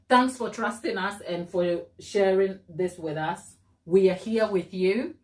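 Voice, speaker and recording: A woman hosting a baking live stream, chatting warmly and encouragingly with her viewers and laughing often. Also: medium pitch. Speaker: cake baking channel host.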